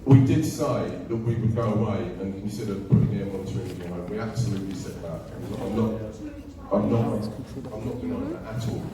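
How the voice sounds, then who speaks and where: A man's voice: on the low side, a little fast, crowd noise. Man, developer spokesman, formal careful reply, hesitant, distant mic, echoey hall. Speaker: developer representative answering at a public meeting. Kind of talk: formal response. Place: large hall with a crowd.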